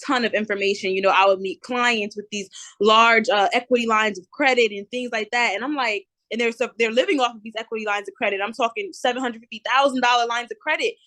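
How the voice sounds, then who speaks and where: A woman in her twenties with a New Jersey accent, chatting as a podcast guest and telling her story in a lively way. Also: on the high side, quick pace, dry recording. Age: 20s. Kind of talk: casual interview.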